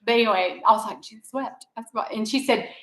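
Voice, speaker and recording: Southern mom vlogger, bright voice, rambly stories, echoey room. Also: female voice, medium pitch, steady tone, fast. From American South. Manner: chatty, rambling storyteller. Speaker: vlogger, mother. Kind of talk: casual chat.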